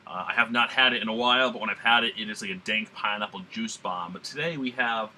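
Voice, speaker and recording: A man's voice: fairly low pitch, fast talker, bright, forceful tone. A man talking in a put-on Southern drawl, reviewing a beer in a casual, rambling way with lots of fillers and some blunt swearing. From New England.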